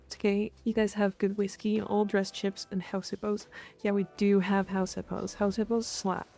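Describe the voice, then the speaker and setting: A young woman chats with her stream viewers in a playful, easygoing way. Her voice has a gravelly fry and a mellow, warm tone. Soft music plays quietly behind her. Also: medium pitch, little pitch movement, normal speed. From Canada. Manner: playful, reads chat aloud and answers it, growls "rawr" at viewers. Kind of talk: casual live-stream chat.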